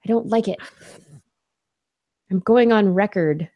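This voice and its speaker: A woman's voice: medium pitch, slow pace, dull audio. A woman co-hosting a podcast in casual pre-show banter, emphatic and playfully indignant. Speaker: podcast co-host.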